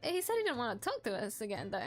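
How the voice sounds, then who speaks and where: A woman's voice: on the high side, sing-song, brisk. A woman streamer giving casual, chatty let's-play commentary with self-deprecating asides. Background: background music.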